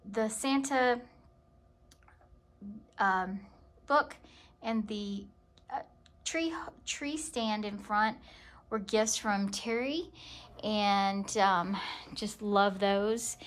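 A woman giving a casual tour of her home in a vlog, talking gently with many ums and pauses. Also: fairly high pitch. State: emotional. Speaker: vlogger. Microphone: handheld camera walked around.

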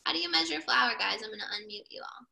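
Animated, high-voiced woman reading to kids. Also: quick pace, creaky, rough recording. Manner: animated, asks kids questions. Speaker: children's cooking class teacher. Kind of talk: storybook read-aloud to kids. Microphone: video call.

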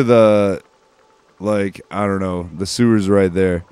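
A man's voice: low-pitched, steady tone, takes it slowly, darkish tone, clean tone, no room sound. A man giving casual, offhand let's-play commentary over a walkthrough, swearing freely and dropping wry jokes. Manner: jokey, wry asides. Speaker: gameplay commentator.

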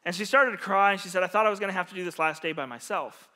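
A middle-aged man preaching a sermon, telling a story earnestly with quiet pauses and soft, lowered endings. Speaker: pastor. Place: church hall. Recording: long reverb of a large hall.

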